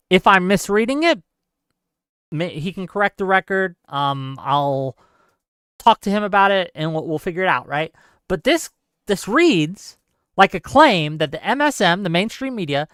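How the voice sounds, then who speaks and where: A talk show host giving emphatic, argumentative commentary and rebutting viewer comments, often adding quick tag questions. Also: mid-range voice, fairly bright tone, clean tone, no echo, clean studio sound. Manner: frequent tag questions and fillers. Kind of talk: live call-in commentary, reading viewer comments.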